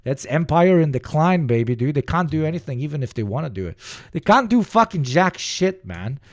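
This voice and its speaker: A man's voice: on the high side, very animated, brisk. Young male streamer, loose profane reaction talk, keeps restarting and laughing. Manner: rambling, profane, laughs often, restarts a lot. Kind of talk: casual reaction commentary.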